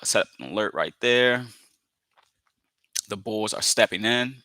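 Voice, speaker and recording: A man's voice: on the low side, unhurried, bright, forceful tone, dry recording. A man giving live commentary on his trades, repeating phrases, filling with "you know" and calling viewers family as he talks himself into staying patient.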